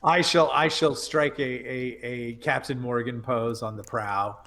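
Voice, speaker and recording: A man's voice: medium pitch, fairly even intonation, measured pace, creaky, pushed and bright. A man playing a tabletop game, speaking in grandiose, mock-formal declarations. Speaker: player. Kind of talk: in-character tabletop game play.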